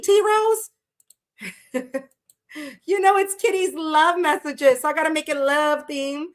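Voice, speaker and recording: A woman's voice: high-pitched, fairly even intonation, measured pace, pauses often. A woman hosting a live tarot reading, chatting casually with viewers, greeting them by name and swearing freely. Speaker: tarot reader livestream host. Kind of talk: casual livestream chat.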